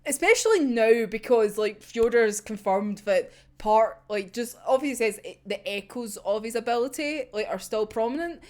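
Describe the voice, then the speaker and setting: A young woman ranting about a manga chapter in a casual fan reaction, excitable, swearing freely and laughing often. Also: fairly high pitch, normal speed, few pauses.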